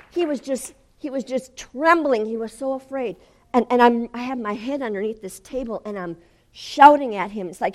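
Older woman, preacher, fervent, sermon, loud declarations. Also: on the high side, normal speed. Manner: fervent, rises to shouting when retelling. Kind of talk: sermon testimony.

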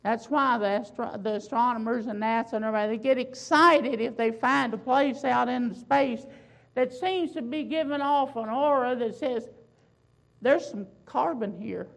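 A woman preaching a sermon, building emphasis with loud swells and slow, drawn-out phrases. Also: on the high side, creaky, low-quality recording.

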